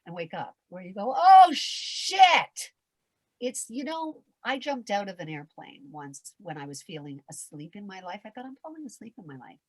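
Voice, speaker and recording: In a dry recording, a veteran performer in her later years tells an anecdote for a podcast interview, her lowish, breathy-edged voice moving in a brisk sing-song with hardly any pauses. She's candid and swears freely, playing out the voices and shouting for dramatic effect.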